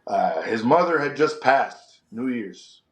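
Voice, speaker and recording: A middle-aged man from San Antonio, a wrestler and promoter chatting in an interview, animated and slipping in Spanish slang. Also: mid-range voice, slow pace, highs cut off. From San Antonio, Texas. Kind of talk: casual interview chat. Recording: echoey room.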